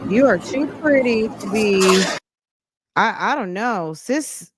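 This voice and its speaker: A woman's voice: fairly high pitch, animated, slow, background noise. A woman giving sassy, teasing commentary as she reacts to a video.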